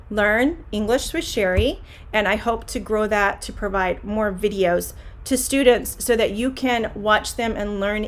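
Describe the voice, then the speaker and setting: A middle-aged woman English teacher, speaking slowly and clearly in a live online lesson. She greets viewers by name and takes her time over each answer, at an ordinary pitch. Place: home classroom.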